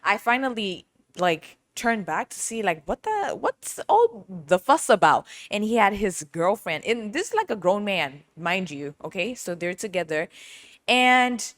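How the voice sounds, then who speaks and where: A chatty woman podcaster talks through a story at a mid pitch, piling on asides as she goes. Her voice sits close and dry, with almost no room sound around it. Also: sing-song, unhurried, fairly bright tone, no room sound. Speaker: podcast host. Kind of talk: casual storytelling monologue.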